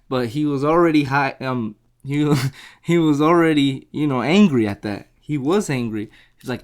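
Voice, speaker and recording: A young man talks through a book he has read in a loose, rambling way, often restarting his sentences. His voice sits at an ordinary middle pitch, and he acts out the quoted people as he goes. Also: moderate pace. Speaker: book reviewer. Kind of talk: casual book review retelling.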